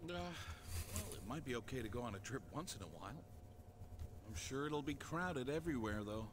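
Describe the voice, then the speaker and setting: A man's voice: medium pitch, animated, normal speed, close to an everyday voice. An actor playing a hesitant, reluctant middle-aged male detective uncle in a video game, recorded over noticeable background noise. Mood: grudging. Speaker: game character.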